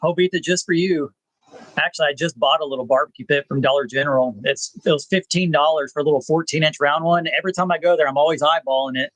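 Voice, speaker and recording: A man, hosting a rambling live chat with viewers, pausing often with "uh". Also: on the high side, fairly bright tone, no room sound, rough recording. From South Texas. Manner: laid-back, rambling, frequent "uh" pauses. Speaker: channel host.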